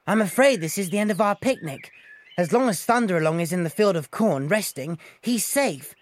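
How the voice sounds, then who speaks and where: A man voicing a decisive boy who gives orders briskly. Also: high-pitched, lively intonation. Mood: urgent. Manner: brisk, commanding.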